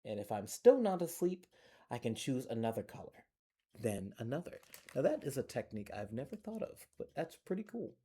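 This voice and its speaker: Animated man reading a bedtime story. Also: mid-range voice, moderate pace, slight background noise. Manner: animated, chatty asides to young listeners. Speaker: library storyteller. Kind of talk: reading a children's picture book aloud.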